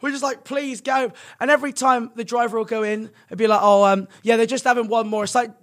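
A young man with a notably high-pitched voice, chatting on a podcast. He rambles through his stories with lots of fillers and restarts, always animated and conversational. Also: fairly quick. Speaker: podcast guest, streamer. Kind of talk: casual storytelling chat.

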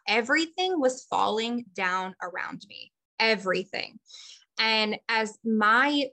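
Bright-voiced woman telling a story. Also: medium pitch. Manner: open, storytelling. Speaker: guest. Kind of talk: personal story on a podcast.

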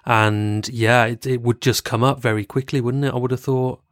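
A podcast co-host chats casually, tossing in joking asides. His voice is medium-pitched, a bit bright and steady, delivered at a moderate pace. The recording is clean studio sound with no room echo.

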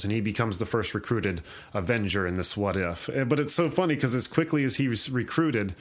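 A man on a podcast telling a long story in casual chat, animated, with casual swearing. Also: fairly low pitch, a little fast, hardly any pauses.

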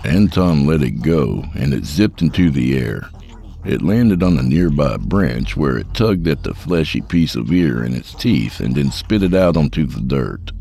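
Super deep gravelly guy reading a scary story, slow and measured. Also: big pitch swings, mellow. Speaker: horror story narrator. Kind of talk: scripted narration.

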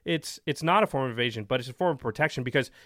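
A man's voice: mid-range voice, very fast, a bit bright, no room sound, clean studio sound. Man co-hosting a card game podcast. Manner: explains card rules, jokey. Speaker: podcast co-host. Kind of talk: casual chat.

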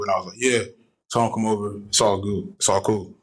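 Husky, laid-back male caller. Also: lowish voice, fairly even intonation, a little fast, low-quality recording. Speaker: caller leaving a question. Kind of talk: casual storytelling.

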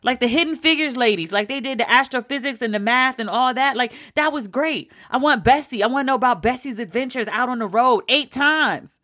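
Emphatic, chatty woman with a higher voice. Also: a little fast, hardly any pauses, sharp tone. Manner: emphatic, chatty, with casual swearing. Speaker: TV show reviewer. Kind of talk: casual spoken TV recap.

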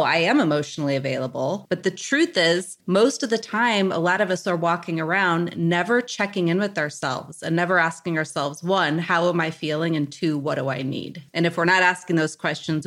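Woman psychologist on a podcast, low voice, calm and explaining stuff. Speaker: psychologist guest. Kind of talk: podcast conversation.

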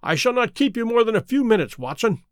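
A man voicing a sharp, self-assured male detective, measured and quietly commanding, with a high, lively voice. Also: no room sound, clean studio sound. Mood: cool.

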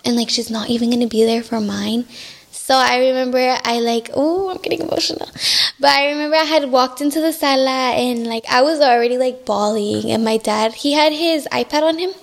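A woman's voice: a little high, moderate pace. A young woman telling a personal story as a podcast guest, with frequent likes and Spanish words mixed in. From Mexican-American family. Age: young adult. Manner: talks with many likes, mixes in Spanish words.

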